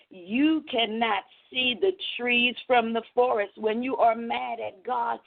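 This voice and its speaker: A woman's voice: sits high, gravelly. A woman from the Caribbean, an author guest on a radio interview, telling her story in an earnest, impassioned way over a phone line.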